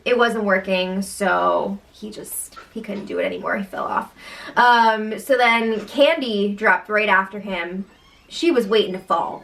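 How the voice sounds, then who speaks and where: A woman's voice: mid-range voice, pushed and bright. A young woman co-hosting a podcast, chatting casually through a recap, giggling often and saying "like" a lot. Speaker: podcast co-host.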